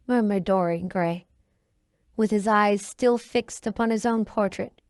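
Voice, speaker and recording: A woman reads a classic novel aloud in a measured, even way. Her pitch sits in the middle, and the sound is dry and close to the microphone. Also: dry recording. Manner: measured storytelling. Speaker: audiobook narrator. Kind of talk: scripted narration.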